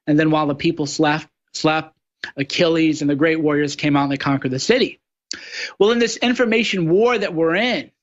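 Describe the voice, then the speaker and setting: High-voiced man mocking his critics. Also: dull audio. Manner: mocking, slips into sneering impressions of opponents. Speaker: radio show guest host. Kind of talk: political talk show monologue.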